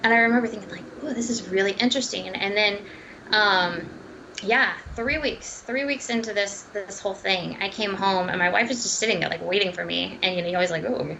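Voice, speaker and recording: A woman dietitian telling her story in a casual interview, animated and acting out quoted dialogue. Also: medium pitch, fairly quick, gravelly, noisy background. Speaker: dietitian and runner.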